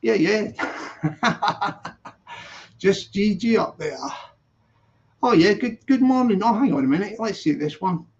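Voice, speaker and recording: A man's voice: high voice, animated, measured pace, long pauses. A man hosting a casual live stream, rambling and repeating cheerful greetings to viewers. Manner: chatty, rambling, repeats greetings in sing-song. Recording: dull lo-fi stream audio.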